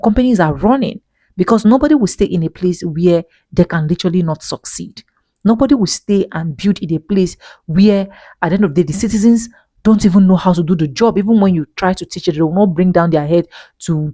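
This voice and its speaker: A woman's voice: lowish voice, warm tone, no echo. A woman giving an opinionated commentary monologue, indignant and emphatic, full of rhetorical questions. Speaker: vlogger commentator.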